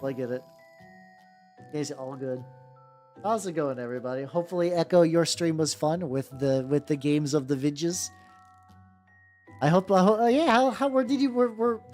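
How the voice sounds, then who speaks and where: A woman's voice: sits low, moderate pace, pauses often, warm tone. A woman streaming while painting miniatures, chatting casually in a rambling way, swearing freely and often restarting her sentences. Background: faint background music.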